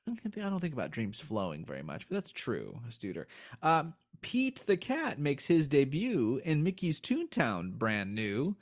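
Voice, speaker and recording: A man's voice: mid-range voice, wildly swooping pitch, moderate pace. A man hosting a podcast in casual chat, joking around with playful asides. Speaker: podcast host and producer.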